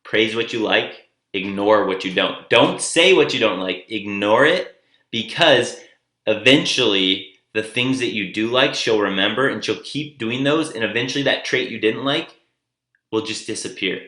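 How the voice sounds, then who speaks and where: A man talks through relationship advice in a relaxed, chatty way, often acting out the lines he quotes. His voice sits a little low but has a bright edge. The room around him is echoey. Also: normal speed. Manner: loose and conversational, acts out quoted lines. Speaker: dating advice coach. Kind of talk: casual advice monologue.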